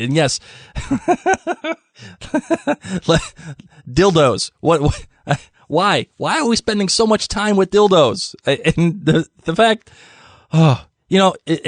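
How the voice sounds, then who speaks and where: A young male podcast host with a slightly high, animated voice talks a bit slowly, captured in clean studio sound with no echo. He rambles casually and giggles a lot, restarting often.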